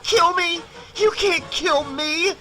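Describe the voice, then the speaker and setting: Angry teen girl, shrill high cries, bright sharp voice, guy narrator doing her. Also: lively intonation, slow pace, soft background music, full character voice. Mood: enraged. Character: furious teenage girl, screaming at her brother.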